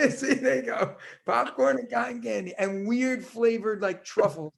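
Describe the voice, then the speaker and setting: A man's voice: extremely high pitch, fairly even intonation, measured pace, gravelly, a bit bright. A man co-hosting a casual comedy podcast, talking hesitantly and trailing off with fillers. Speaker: co-host.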